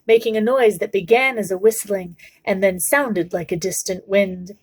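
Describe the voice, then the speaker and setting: A woman reading a children's novel aloud for a book club, in a steady, measured storytelling voice. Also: medium pitch, background noise.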